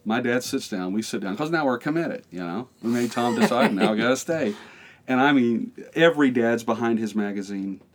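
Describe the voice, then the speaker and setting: During a podcast conversation, a middle-aged American pastor tells an energetic story at a brisk clip, acting out voices and laughing frequently. His voice is medium-pitched.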